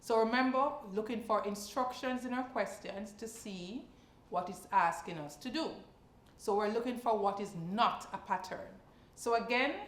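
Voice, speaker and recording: A woman teacher at a middle pitch talks through a science practice question one step at a time. She keeps asking her listeners short checking questions as she goes. Her voice carries a clear echo from the room. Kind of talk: exam practice lesson.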